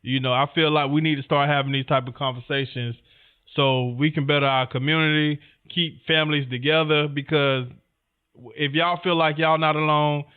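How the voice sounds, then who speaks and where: A man co-hosting a podcast with his wife, talking in a relaxed, rambling way straight to the listeners. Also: on the high side, moderate pace, clean tone. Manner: laid-back, rambling, talks straight to listeners. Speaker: podcast co-host. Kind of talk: casual conversation. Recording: phone-like narrow sound.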